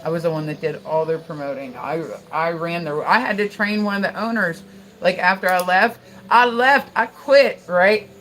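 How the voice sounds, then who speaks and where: A woman's voice: on the low side, fairly even intonation, normal speed, fairly bright tone, low-quality recording. A woman livestreaming, chatting casually and swearing freely as she tells a story and thanks her viewers.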